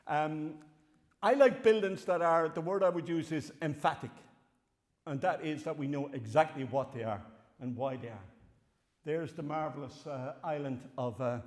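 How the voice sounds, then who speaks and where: An older Irish man giving a wry, animated farewell lecture with slides in a large hall. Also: on the high side, moderate pace. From Ireland. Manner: wry, animated storytelling with chuckles. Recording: long hall reverb.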